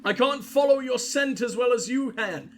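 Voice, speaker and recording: High-pitched dude swearing and joking at a video game, sarcastic, chatting to the npcs, faint hiss behind him. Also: male voice, normal speed. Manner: crude, sarcastic and profane joking; talks to the game characters. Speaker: gaming video host. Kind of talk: let's-play commentary.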